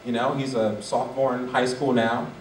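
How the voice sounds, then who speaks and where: A man quoting an excited woman friend sharing news over the phone, in an echoey hall from a distant mic. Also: medium pitch, moderate pace, noisy background, close to an everyday voice.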